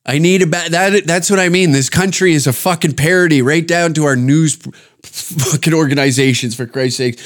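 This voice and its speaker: A Canadian podcast host goes on a casual rant, rambling, swearing and mocking as he talks. His voice leans high and moves at a moderate pace.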